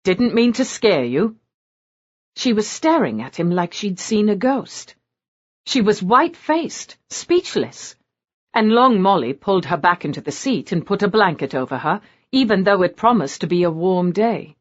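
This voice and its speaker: A woman narrating an audiobook in an expressive storytelling manner. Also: mid-range voice, normal speed, muffled recording. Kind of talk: scripted narration.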